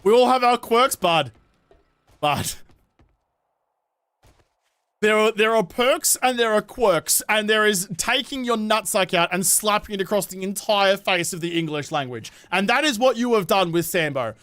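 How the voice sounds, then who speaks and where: A man's voice: high-pitched, expressive, measured pace, a bit bright, smooth, no echo. A young Australian man livestreaming a game, bantering with chat in a sweary, sarcastic, rambling way. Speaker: streamer. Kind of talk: casual gameplay livestream chat.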